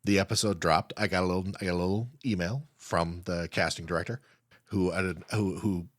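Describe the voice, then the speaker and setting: A man co-hosting a horror film podcast, telling stories in a casual, animated way, laughing often and restarting his sentences. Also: deep voice, a little fast, dry recording, clean studio sound. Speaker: podcast co-host. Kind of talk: casual chat.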